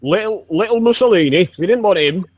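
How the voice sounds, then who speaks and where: A Yorkshire man in his forties bantering over voice chat, with a slightly higher voice than most men. He swears freely and keeps the talk jokey and casual. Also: lively intonation, brisk, darkish tone, highs cut off. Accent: Yorkshire English. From Yorkshire, England.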